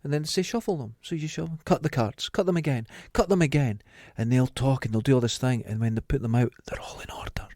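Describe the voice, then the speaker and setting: Scottish guy podcast chat, mid pitch, dry close mic, acts out the voices. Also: quick pace, few pauses, no room sound. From Scotland. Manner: animated storyteller acting out quotes. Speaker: podcast host. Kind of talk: casual chat.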